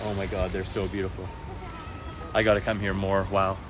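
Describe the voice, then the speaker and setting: Man, 40s, low-ish voice, casual walking live stream, chatty, phone mic, loud traffic noise outdoors. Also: normal speed. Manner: chatty and easygoing, with frequent fillers and excited exclamations. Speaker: raw food lifestyle coach. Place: outdoors in a city park by ponds.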